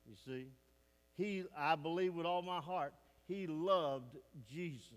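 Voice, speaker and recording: A male pastor delivers a folksy, emphatic sermon, often turning to the congregation with questions. His voice sits high and he takes his time with every phrase. The sound carries a long reverb from the church sanctuary.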